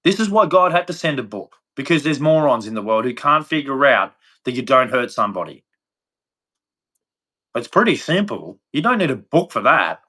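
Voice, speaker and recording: A man's voice: medium pitch, big pitch swings, normal speed, bright, forceful tone, breathy edge. An Australian man from Australia giving a blunt, rambling opinion rant to camera, swearing freely. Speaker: vlogger.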